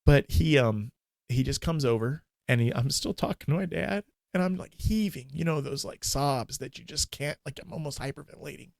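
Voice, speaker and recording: A man in his forties, a minister and podcast guest, telling a candid, emotional personal story in a halting way with many restarts. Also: a little high, creaky, darkish tone, no room sound, studio quality.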